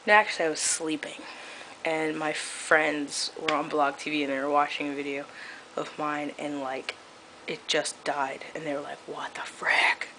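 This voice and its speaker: A woman's voice: deep voice, flat delivery, moderate pace, background noise. A young woman vlogging into a webcam, talking casually and sarcastically, with lots of fillers and laughs. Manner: chatty, filler-heavy, laughs often, sarcastic. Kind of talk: casual vlog rant.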